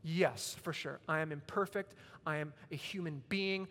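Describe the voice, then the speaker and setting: A man's voice: fairly high pitch, normal speed, fairly bright tone. A man in his thirties preaching a sermon, telling a casual story between emphatic points. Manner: conversational storytelling preacher, rising to emphatic peaks. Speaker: pastor. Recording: long reverb of a large hall.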